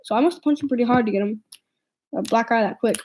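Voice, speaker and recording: A woman's voice: a little high, fast, darkish tone, low-quality recording. A teenage girl telling a storytime vlog, rambling along with lots of "like" fillers and restarts. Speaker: vlogger.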